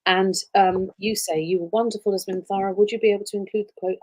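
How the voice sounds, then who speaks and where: A middle-aged woman who grew up in Wales, chatting warmly on a livestream as she signs prints for fans, with plenty of ums and soft asides. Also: medium pitch, steady tone, fast, hardly any pauses, no room sound, low-quality recording. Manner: warm, gushing, with many ums and soft trailing asides. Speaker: voice actress signing prints for fans. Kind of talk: casual livestream chat.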